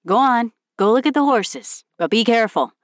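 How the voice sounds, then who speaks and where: Woman playing a kindly teasing rancher father in a storybook, slow and easy, dry sound. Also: fairly high pitch, lively intonation, dry recording, pitched above the performer's own voice, lightly acted.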